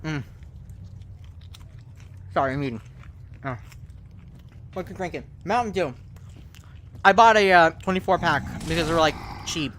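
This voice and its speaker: A man's voice: fairly high pitch, a little slow, long pauses, a bit bright. A man streaming a game in casual, rambling commentary, swearing often and stuttering. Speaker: gaming streamer.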